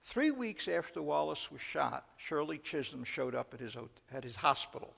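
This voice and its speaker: A man's voice: fairly high pitch, moderate pace, gravelly, slightly rough. A man, a rabbi, telling anecdotes in a conversational lecture and acting out the quotes. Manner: conversational, anecdotal, quotes people in lively voices. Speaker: rabbi giving a talk. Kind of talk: storytelling lecture. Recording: long hall reverb.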